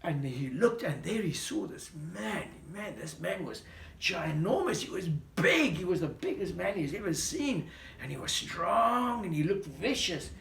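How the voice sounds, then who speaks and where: Brief: a storyteller man retelling a Bible tale for kids, animated, asks questions, roomy sound. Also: high-pitched, a little slow, creaky. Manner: animated, questioning, talks to a listener. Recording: roomy echo.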